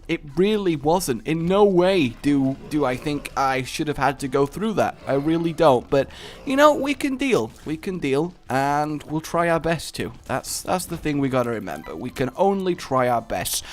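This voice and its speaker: Young male let's-player, theatrical and rambling, lively pitch. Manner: theatrical, rambling, mock-dramatic. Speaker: gaming commentator. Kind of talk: gameplay commentary.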